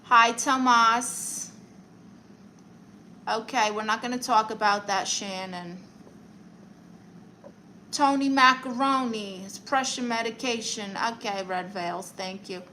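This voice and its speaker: A young New York-accented woman from Brooklyn answers viewer comments on a casual home live stream, reading them aloud and snapping back with playful sass. Her fairly high voice sounds pushed and bright, with slight background noise in a rough recording.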